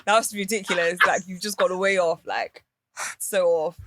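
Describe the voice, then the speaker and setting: A woman's voice: on the low side, fairly even intonation, moderate pace, noisy background. A woman, a podcast guest in a candid casual chat, outspoken and teasing.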